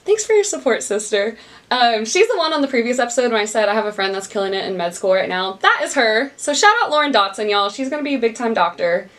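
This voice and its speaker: A woman's voice: fairly high pitch, animated, quick pace, fairly bright tone. A young woman hosting her own podcast, upbeat and bubbly, laughing often and talking straight to her listeners. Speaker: podcast host. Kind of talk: casual solo podcast chat. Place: small recording studio.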